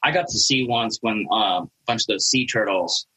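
A laid-back dad chatting on a podcast, sprinkling his talk with fillers. His voice sits a little low, bright but husky. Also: a little fast, poor audio. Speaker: podcast co-host and father. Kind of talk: casual chat.

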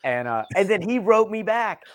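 Male stand-up from the US South and East, chatty storyteller who plays every part, a touch high-pitched, recorded dry. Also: moderate pace, no room sound. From North Carolina and Delaware, US. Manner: animated, acts out quoted dialogue. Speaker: stand-up comedian guest. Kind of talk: casual storytelling chat.

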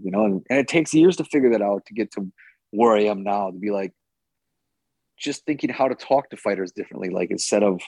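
A man's voice: fairly low pitch, fast talker, a little mellow, slightly rough, dry recording. A man who trains fighters, chatting casually on a podcast, rambling and swearing now and then with lots of "like" and "you know".

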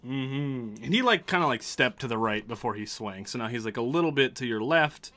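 A man's voice: mid-range voice, lively intonation, fairly quick, sharp tone. A man narrating a tabletop game as game master, loose and laughing, with casual swearing.

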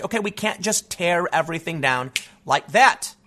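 Male commentator, high bright voice, combative and emphatic rant. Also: animated, moderate pace. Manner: emphatic, combative, casual asides like "man". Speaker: political commentator. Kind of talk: ranting commentary.

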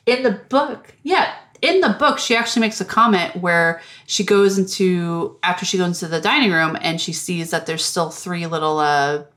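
A woman hosting a podcast in casual chat, animated and profane, laughing often and acting out lines. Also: lowish voice, normal speed, hardly any pauses. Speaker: podcast host.

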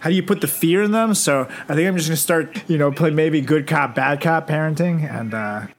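A young man co-hosting a casual podcast, crude and joking, often acting out loud voices. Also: fairly high pitch, brisk, slight background noise. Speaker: podcast co-host.

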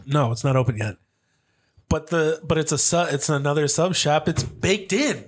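A man's voice: a little high, normal speed. A man co-hosting a casual podcast chat, playful and jokey, who stretches his words out. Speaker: podcast co-host.

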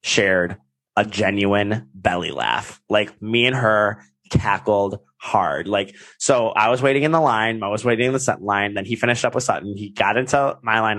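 A young man co-hosting a podcast, excitedly recounting meetings and quoting others with casual swearing. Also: on the low side, dry recording. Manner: excited storytelling, quotes others, swears freely. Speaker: podcast co-host. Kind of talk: casual chat.

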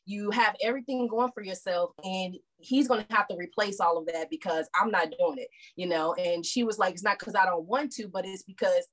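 A woman guest calmly telling her story in a relaxed, conversational way. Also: medium pitch, brisk, hardly any pauses. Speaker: podcast guest. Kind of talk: casual storytelling.

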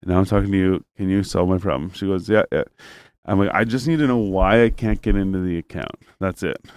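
A man's voice: deep voice, fairly quick, darkish tone, smooth, dry recording. A man telling a long, rambling story in casual chat, cursing freely and acting out both sides of a phone call.

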